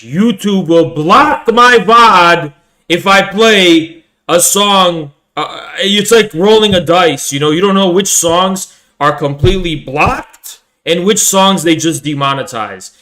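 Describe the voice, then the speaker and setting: A man's voice: a little high, a little slow, pushed and bright. A man live streaming an angry, profanity-heavy rant that sometimes slips into a sing-song delivery. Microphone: desk setup in front of a streaming camera.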